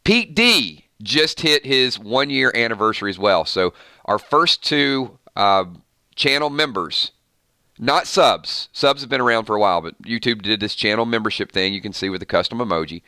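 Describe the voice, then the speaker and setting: A man's voice: on the low side, lively intonation, moderate pace, pushed and bright, no echo, studio quality. A man hosting a casual live stream with his morning voice, rambling through viewer comments with fillers and restarts. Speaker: YouTube channel host.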